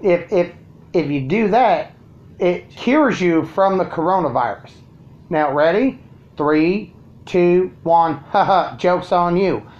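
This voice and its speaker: A high-pitched, lively-sounding vlogger rants slowly and crudely to viewers from his home, his voice a little mellow. The recording is lo-fi, and his profane monologue drips with sarcasm.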